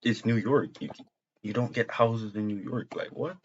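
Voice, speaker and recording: A man's voice: medium pitch, steady tone, moderate pace. A young man streaming casual video chats with strangers, bantering in slang and laughing often. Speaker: streamer chatting with strangers on a video chat app. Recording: dull lo-fi audio with faint noise.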